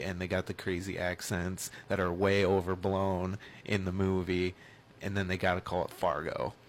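Low voiced guy rambling about football on the radio, stops and restarts a lot. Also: slight background noise. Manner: rambling, halting, self-deprecating. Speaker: sports radio co-host. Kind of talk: casual sports talk.

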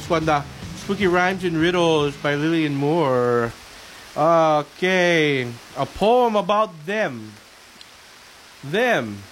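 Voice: mid-range voice, expressive, slow, soft background music, low-quality recording. A local show host chatting casually and reading Halloween poems aloud in a rambling, sing-song way.

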